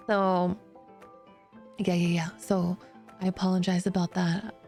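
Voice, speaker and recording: A woman's voice: on the low side, little pitch movement, unhurried, a little mellow. A woman streamer chatting casually, laughing often while testing her new mic in a room with bare walls. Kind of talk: casual live-stream chat. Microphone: new studio mic, close. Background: faint background music.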